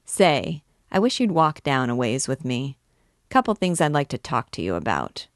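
A woman's voice: rumbling low, sing-song, normal speed, no room sound, studio quality. A woman voicing a shifty small-town male swindler who talks in a confidential, wheedling way.

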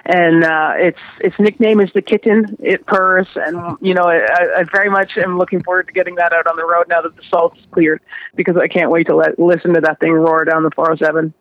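A woman's voice: on the low side, flat delivery, a little fast, dry recording, highs cut off. A woman jockey, a guest on a radio interview, talking casually with many fillers and restarts.

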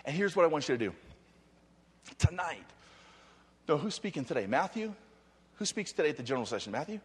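A man from Hawaii speaking at a youth conference, preaching energetically, often shouting and joking. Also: on the high side, brisk, husky. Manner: animated, shouting, joking, restless. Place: large hall with audience. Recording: long hall reverb.

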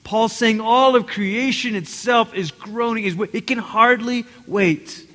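Male pastor, high voice, lively preaching style, big reverberant church hall. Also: unhurried. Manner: animated, acts out quotes, addresses congregation directly. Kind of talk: sermon.

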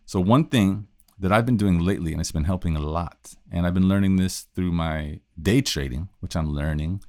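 A man's voice: low-pitched, normal speed, darkish tone, no room sound, studio quality. A man hosting a solo talk on communication, thinking aloud in a loose, casual way with frequent restarts. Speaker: podcast host teaching communication.

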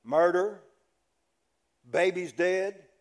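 A preacher delivers his sermon as a dramatic story. His voice is higher than usual for a man, and he takes his time, swinging from loud to hushed. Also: extremely slow. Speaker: pastor.

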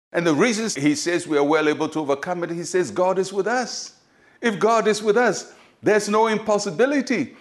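Male pastor doing a quick devotional, super animated pitch, keeps hammering points home. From Ghana. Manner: emphatic, repetitive exhortation with acted quotes. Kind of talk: short devotional sermon.

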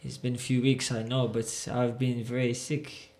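A man putting on a loose French accent to quote an excitable male acquaintance. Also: mid-range voice, normal speed, natural voice. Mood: chatty. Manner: loose, weak accent attempt. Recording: roomy echo.

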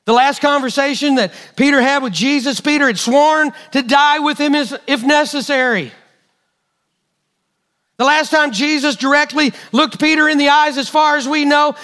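A man preaching a sermon, telling a story with lively, acted-out quotes. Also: extremely high pitch. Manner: animated storytelling, acting out quotes.

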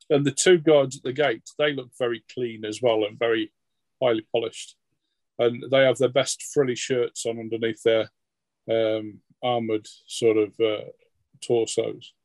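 A man's voice: medium pitch, little pitch movement, unhurried, dry recording, rough recording. A man, running a tabletop game as game master, narrating hesitantly with many ums.

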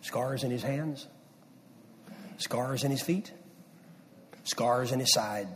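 A middle-aged man preaching a sermon, swinging from loud emphasis down to hushed near-whispers. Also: medium pitch, slow pace, pauses often, a little hiss or hum. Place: church sanctuary. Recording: distant mic with long hall reverb.

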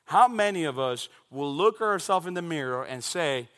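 Man, Dominican Spanish accent, sermon, animated storyteller, sharp bright tone, slightly high pitch. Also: normal speed, clear, resonant tone. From Dominican Republic. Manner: animated storytelling with shouted imitations. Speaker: preacher. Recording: long reverb of a large hall.

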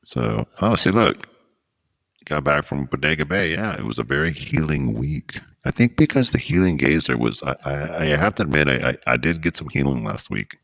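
Very deep gravelly man. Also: big pitch swings, moderate pace, a bit bright, no echo, studio quality. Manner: rambling, joking, easily sidetracked. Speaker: podcast host. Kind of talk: casual chat.

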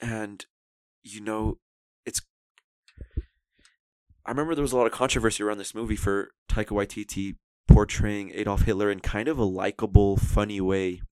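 A young podcast co-host chats casually and enthusiastically about movies in a lowish, steady, darkish, clean voice at normal speed, with no echo. He rambles and quotes scenes in put-on voices.

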